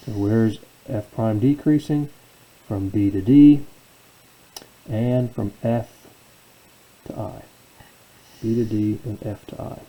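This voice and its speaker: A man's voice: lowish voice, slow pace, long pauses, mellow, low-quality recording. A man teaching a calculus lesson as a professor, asking questions and answering them himself. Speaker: math professor. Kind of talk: calculus lecture.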